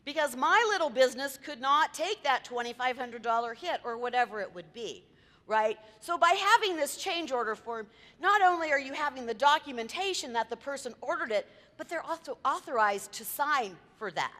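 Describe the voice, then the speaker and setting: Bright high-voiced woman presenter. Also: lively intonation, normal speed. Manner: chatty, quizzes the audience, tells anecdotes. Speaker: event planner giving a talk. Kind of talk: lively presentation to a live audience. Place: meeting room with audience. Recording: reverberant hall.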